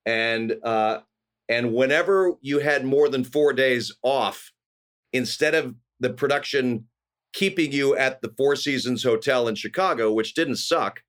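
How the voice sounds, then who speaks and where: A middle-aged man from California, a guest actor telling animated stories in casual conversation, often acting out quoted voices. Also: mid-range voice, unhurried. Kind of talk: casual storytelling.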